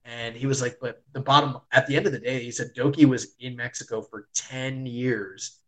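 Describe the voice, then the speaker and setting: Excitable man recapping in casual chat. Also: medium pitch, normal speed, low-quality recording. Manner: excitable storyteller, heavy use of "like", swears. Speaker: podcast host reviewing wrestling.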